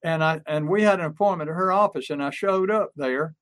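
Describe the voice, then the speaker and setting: A man's voice: on the high side, brisk, fairly bright tone. An older man, co-hosting a podcast and telling folksy sales stories with fillers and restarts. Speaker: podcast co-host, pest control sales coach. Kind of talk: casual podcast talk.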